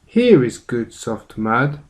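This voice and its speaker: A man's voice: medium pitch, very animated, slow. A man reading a storybook aloud, voicing a small male pig who loves mud and grumbles when it is gone. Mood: pleased.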